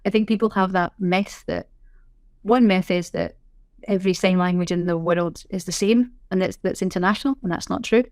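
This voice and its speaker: A woman's voice: lowish voice, normal speed, darkish tone, dry recording. Chatty woman, dry close sound. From Scotland. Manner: chatty, self-correcting, explanatory. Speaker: sign language interpreter, podcast guest. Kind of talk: casual interview chat.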